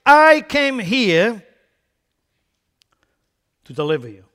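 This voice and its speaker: A man preaching a sermon emphatically, swinging between loud declarations and quiet asides, blunt and scornful toward foolish ideas. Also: high-pitched, lively intonation, moderate pace.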